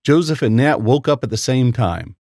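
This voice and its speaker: Lively male horror-story narrator. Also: mid-range voice, moderate pace, creaky, no room sound, clean studio sound. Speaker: story reader.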